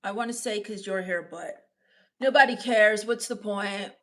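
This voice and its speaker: A woman playing a sullen, bitter teenage goth girl in live-stream character comedy, mopey, deadpan and scornful as she reads the chat. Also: mid-range voice, measured pace, natural voice. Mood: sulky.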